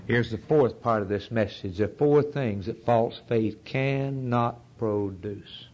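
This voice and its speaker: Man preaching, fervent, loud peaks and hushed drops, sermon delivery, middle-pitched voice. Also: slow pace, few pauses, dull audio, a little hiss or hum. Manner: fervent, swings from shouted peaks to low hushed lines.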